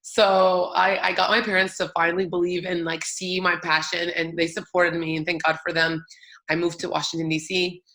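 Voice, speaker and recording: A woman's voice: fairly low pitch, level tone, moderate pace, a bit bright. A young adult woman giving a talk, telling her own story in an earnest, emphatic way. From United States. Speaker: public speaker.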